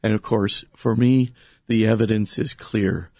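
A priest speaking earnestly and emphatically, explaining theology in conversation with frequent restarts and rhetorical questions. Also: male voice, lowish voice, steady tone, a little slow, warm tone, no room sound, studio quality. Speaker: priest and guest.

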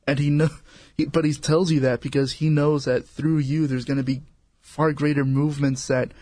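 A man's voice: fairly high pitch, level tone, moderate pace, darkish tone, dry recording. A man speaking as a guest on a faith talk show, earnest and encouraging, often repeating words.

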